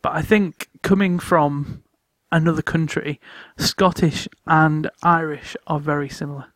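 A man telling stories in casual podcast chat, animated and laughing often as he acts out what others said. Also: fairly high pitch, a little slow, dry recording. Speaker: returning podcast guest.

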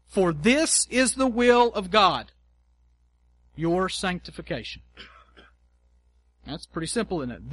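A man's voice: high voice, a bit bright. A man preaching a sermon in a conversational, emphatic way, acting out quoted prayers and repeating key lines. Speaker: pastor.

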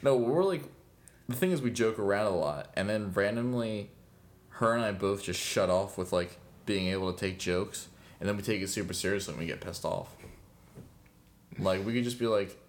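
A man's voice: on the low side, normal speed, slight background noise. A young man chatting casually as a podcast co-host, rambling with lots of fillers and frequent laughs. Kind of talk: casual chat.

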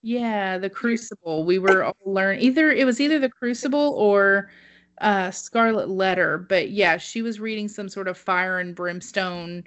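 A woman telling a story on a casual podcast, animated and swearing, laughing at herself. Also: medium pitch, a little slow. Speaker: podcast co-host.

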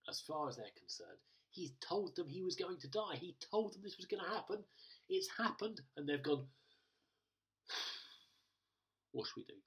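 A man's voice: high-pitched, expressive, moderate pace, husky, recorded from a distance. A male pastor preaching a sermon in a conversational way, often restarting and hesitating, recorded in a church.

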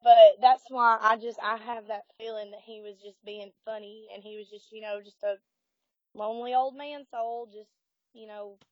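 A woman telling a personal ghost story in casual conversation, animated and laughing as she acts out what people said. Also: fairly high pitch, normal speed, dry recording, lo-fi sound. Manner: animated, laughing, voices quoted speech.

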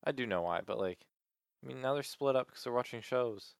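A young man's brisk, medium-pitched voice is both gravelly and smooth as he co-hosts a podcast. He rambles in casual chat with many fillers and restarts, and the studio-quality recording has no room sound.

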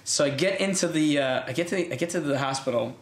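Young american guy rambling thru a story, laughs at himself, talks fast. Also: a little high, roomy sound. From United States. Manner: rambling, self-mocking, laughs often. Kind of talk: casual storytelling chat.

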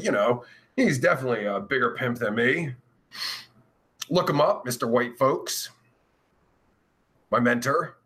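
A man hosting a crude livestream chat show, yelling, swearing and cackling as he reads comments. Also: medium pitch. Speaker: host.

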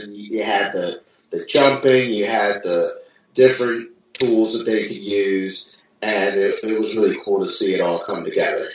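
A man's voice: fairly low pitch, slight background noise. Jokey male podcast co-host; distant mic, heavy room echo. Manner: joking, enthusiastic banter. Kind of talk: casual chat.

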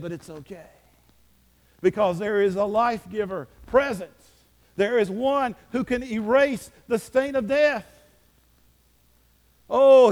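A man delivers a sermon. He preaches with fervor. His pitch and volume climb and fall away again. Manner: fervent preaching, rising and dropping in pitch and volume. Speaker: pastor.

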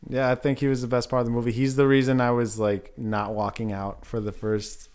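Male co-host, casual review chat, jokey mock quotes, mid pitch. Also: flat delivery, fairly quick, darkish tone, smooth. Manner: jokey, acts out mock quotes, trails off with fillers. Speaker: podcast co-host.

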